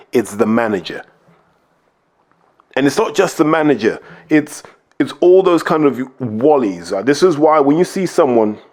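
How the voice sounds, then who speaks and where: A man hosts a podcast, talking bluntly and emphatically at an average pitch. He lays out his points one by one and hammers them home in casual, opinionated commentary. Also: a little mellow. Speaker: podcast host, boxing pundit.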